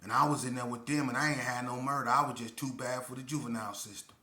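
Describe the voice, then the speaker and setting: Emphatic streetwise man, bright echoey voice. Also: medium pitch, steady tone, quick pace. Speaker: storyteller. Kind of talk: casual storytelling monologue. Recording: echoey room.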